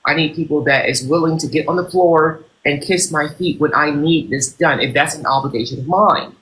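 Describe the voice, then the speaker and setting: A man hosting a livestream, playing a boss and CEO who interviews callers in a mock-formal, unhurried way. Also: fairly high pitch, fairly bright tone, a little hiss or hum. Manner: mock-formal, unhurried, slips into thanking viewers. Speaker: livestream host. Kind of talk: role-play job interview as a boss and CEO. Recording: roomy echo, faint clicks.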